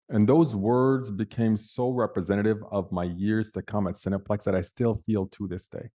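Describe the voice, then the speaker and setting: A middle-aged man giving a keynote speech, telling a personal story with dramatic pauses and acted-out quotes. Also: fairly low pitch, fairly even intonation, dark tone. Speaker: keynote speaker.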